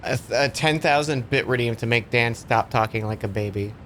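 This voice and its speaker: A man's voice: medium pitch, fairly quick, a bit bright, a little hiss or hum. A man streaming a factory game, chatting casually with his viewers and swearing offhandedly. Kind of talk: casual gaming commentary.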